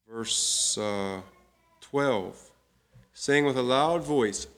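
A man leads a Bible study in a voice of ordinary, middling pitch. He talks at an unhurried pace and lifts his voice when he reads scripture aloud. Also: animated. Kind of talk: Bible teaching talk.

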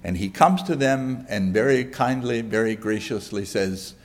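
A man preaching a sermon in a conversational way, pausing often and asking the congregation questions. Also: lowish voice. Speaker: pastor.

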